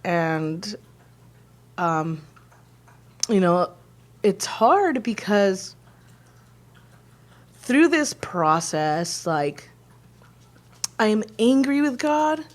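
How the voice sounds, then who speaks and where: A woman's voice: mid-range voice, animated, drawn-out words, long pauses. A woman in her thirties co-hosting a podcast, talking in a rambling, emotional way with many fillers while holding back tears. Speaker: podcast co-host. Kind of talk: casual heartfelt conversation.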